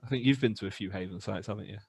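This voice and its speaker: A young British man in a band, casually telling animated stories on a podcast and acting out the voices. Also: fairly low pitch, very fast, slightly rough, no room sound. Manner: animated anecdotes with laughs and acted-out voices. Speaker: band member podcast host. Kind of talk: casual storytelling chat.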